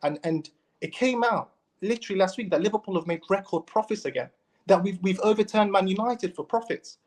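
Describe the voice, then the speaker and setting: A man's voice: high-pitched, brisk, a little mellow. A man debating football as a fan pundit, impassioned and emphatic, often repeating his words.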